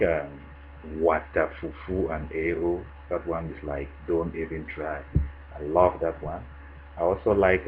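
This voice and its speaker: A man with a Cameroonian English accent, casually answering questions in a vlog, relaxed and chatty with frequent fillers. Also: low-pitched, muffled recording, a little hiss or hum. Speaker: vlogger answering a tag. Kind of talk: casual monologue.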